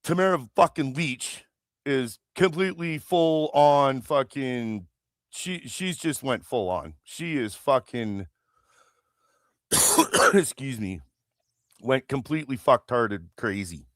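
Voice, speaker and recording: A Canadian man hosts a political livestream, delivering a heated, angry rant packed with heavy swearing and rambling restarts. His medium-pitched voice is expressive but slow, with frequent pauses. The recording is dry and studio-clean.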